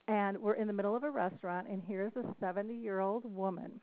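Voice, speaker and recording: A woman's voice: medium pitch, fairly even intonation, a little fast, few pauses, dry recording. A middle-aged woman, a family caregiver and speaker, tells personal stories earnestly in a podcast interview. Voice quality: earnest, storytelling delivery with restarts. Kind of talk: emotional podcast interview over the phone. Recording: tinny phone line, dry.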